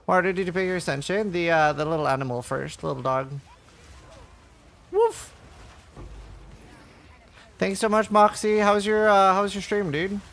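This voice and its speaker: This live-streaming gamer talks fairly quickly in a high, creaky, slightly bright voice, barely pausing at all. He chats away casually, reading viewers' questions aloud and answering with plenty of filler words.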